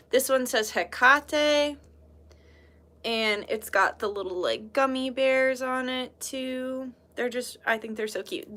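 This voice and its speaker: British woman, livestream host, bubbly and giggly, slow-paced, a touch high. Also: bright, forceful tone. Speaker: livestream host showing handmade jewelry. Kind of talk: casual livestream chat.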